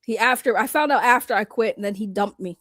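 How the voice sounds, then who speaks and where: A young woman in casual banter, teasing and giggly, telling gossip in an animated way. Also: on the high side, quick pace, no room sound, clean studio sound. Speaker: co-host.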